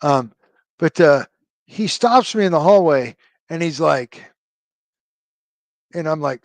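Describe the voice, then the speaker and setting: Animated but slow, with long pauses, a middle-aged man with a slightly high voice tells stories in a dry recording. He's a retired army officer being interviewed conversationally, rambling and full of fillers and tag questions.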